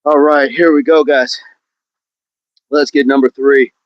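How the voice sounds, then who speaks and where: A man's voice: mid-range voice, steady tone, measured pace, no room sound, highs cut off. A man hosting a live outdoor workout on a hill, exercising as he talks, counting down reps and greeting chat viewers by name. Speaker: fitness livestream host.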